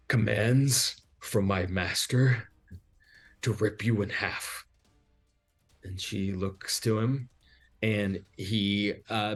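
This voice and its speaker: A man narrating a tabletop game as game master, pausing often and filling gaps with hesitations. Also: lowish voice. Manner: halting, many fillers.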